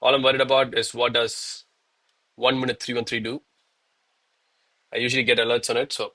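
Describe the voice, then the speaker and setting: A man in his thirties talking live to his viewers in a loose, chatty way, often calling them bro. His voice is bright and forceful, and he is a little winded from push-ups. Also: medium pitch, level tone, brisk. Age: 30s. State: out of breath between push-ups. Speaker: live trading streamer. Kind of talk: live-stream commentary and chat.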